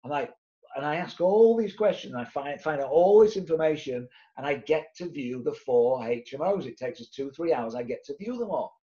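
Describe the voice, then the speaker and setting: Upbeat male storyteller, mellow tone, slightly high voice, muffled lo-fi sound. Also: moderate pace. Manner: lively, acts out the other voices in his tale. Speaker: property investor sharing his story. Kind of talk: animated storytelling to camera.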